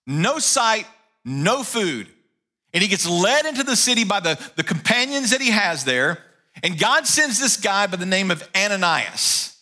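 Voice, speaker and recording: Male pastor, sermon, lively pitch, bright storytelling delivery. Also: a little slow. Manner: animated storytelling.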